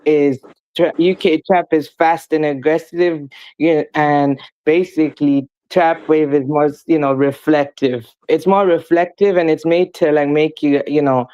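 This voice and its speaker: A man's voice: on the high side, steady tone, a little slow, warm tone, clean tone, lo-fi sound. A man, a guest on a casual talk show, explaining at length and scattering "though" through his sentences. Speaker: guest promoting music. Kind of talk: casual chat.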